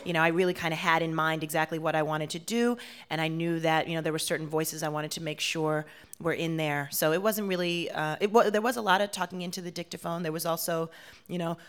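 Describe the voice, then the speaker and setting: A woman's voice: low voice, clean tone. A woman from Washington, D.C., a performer and playwright, talking animatedly with frequent laughs in an interview. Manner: animated, laughs often, quick asides. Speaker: guest, solo performer and playwright. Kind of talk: interview conversation.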